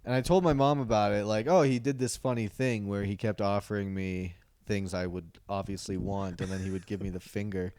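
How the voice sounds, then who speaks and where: Comedian guy on a podcast, lowish voice, rambly stories with lots of likes. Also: fairly even intonation, brisk, darkish tone, clear, resonant tone, no echo. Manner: rambling anecdotes with filler words and quoted voices. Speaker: comedian co-host. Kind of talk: casual comedic banter.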